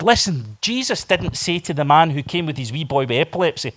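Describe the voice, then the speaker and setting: High-voiced preacher. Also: male voice, expressive, fast talker, few pauses, fairly bright tone. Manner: storytelling preacher, acts out quoted voices. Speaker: pastor. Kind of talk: sermon.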